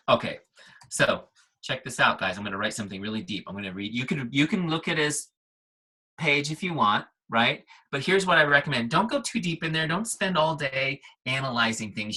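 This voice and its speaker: A middle-aged man with a bright, forceful tone and a slightly husky edge, leading a software walkthrough on a team call. He talks in short, punchy bursts and keeps checking in with his listeners. His pitch sits at an ordinary middle for a man. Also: low-quality recording. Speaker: guest trainer.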